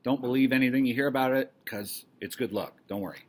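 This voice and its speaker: A man's voice: mid-range voice, quick pace. A man teacher greeting his class casually and reading the stage directions of a play aloud. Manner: casual and encouraging, then steady narration.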